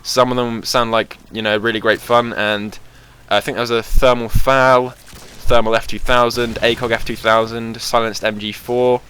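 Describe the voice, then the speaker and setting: A man's voice: medium pitch, flat delivery, moderate pace, few pauses, fairly bright tone, clean tone. A young man chatting casually over gameplay footage as host of his gaming channel, rambling with lots of fillers. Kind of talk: casual game commentary.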